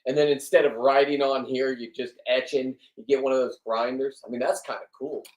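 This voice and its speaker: A man in his fifties, a fishing and diving vlogger, rambling in a crude, loud, joking monologue. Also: mid-range voice, flat delivery, brisk. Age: 50s. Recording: roomy, from a distance.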